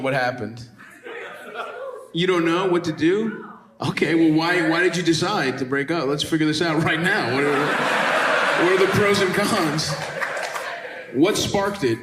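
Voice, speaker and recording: A man on stage doing crowd work, ribbing the audience with foul-mouthed jokes and chuckling as he talks. His voice sits a little high for a man. It rings through an echoey club over a loud crowd murmur. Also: noisy background. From United States. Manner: profane, teasing, laughs through his lines. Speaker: stand-up comedian. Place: music venue stage before a live audience.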